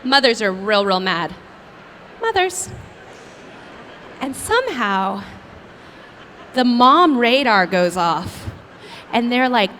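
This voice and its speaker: A young actress answers fans at a convention panel in a high, bright voice. She rattles through stories with a bubbly, self-mocking ease, full of "like" and quick asides. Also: very animated, in a large hall, a little hiss or hum. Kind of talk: animated storytelling at a fan Q&A.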